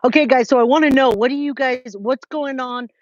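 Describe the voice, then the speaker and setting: A Californian livestream host talks fairly quickly in a high voice, chatting from a trailer as she reads chat and greets viewers by name. She restarts a lot. The lo-fi audio is dry and a bit dull, with no room sound.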